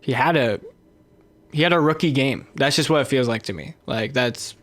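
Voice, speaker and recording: A young man co-hosting a podcast, talking sports in a measured way with many fillers and hedges. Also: medium pitch, a bit bright. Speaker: podcast co-host. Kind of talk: casual sports chat.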